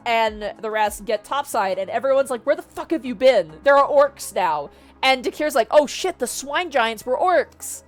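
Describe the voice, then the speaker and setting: A woman streamer casually retelling a story, chatty and animated, with frequent fillers and the odd swear. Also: fairly high pitch. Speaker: vtuber streamer.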